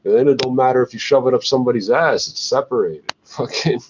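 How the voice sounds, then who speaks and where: Swearing and worked up, this man rambles through a rant at a quick pace, his medium-pitched voice often trailing off with "eh?" It's a dull, lo-fi recording carrying faint noise.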